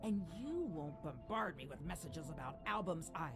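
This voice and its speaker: A woman's voice: deep voice, sing-song, normal speed. An actress playing a haughty, refined female executive in a game, speaking in a dry, prim British manner. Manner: dry, prim and mildly exasperated. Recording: game audio with music behind.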